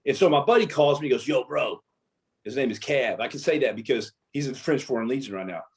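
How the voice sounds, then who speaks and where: Telling war stories as a guest in a relaxed interview, this ex-Navy SEAL performs the dialogue as an animated storyteller. He talks fast in a medium-pitched voice.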